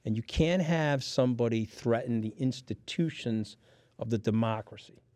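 A man's voice: mid-range voice, normal speed, mellow, no room sound. A middle-aged man with a New York accent, guest on a casual chat show, telling stories bluntly and swearing freely. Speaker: podcast guest. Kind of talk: profane storytelling in casual chat.

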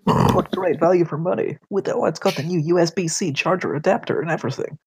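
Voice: medium pitch, quick pace, breathy edge. A podcast co-host chatting casually, making jokes and throwing in playful mock voices. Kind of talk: casual chat.

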